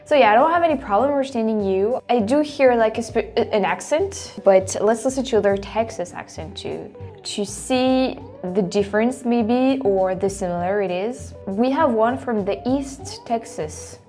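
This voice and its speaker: A woman's voice: a little high, normal speed, warm tone, soft background music. A woman with a French accent, a native French speaker hosting a casual reaction video, chatting, laughing often and restarting her sentences. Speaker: host.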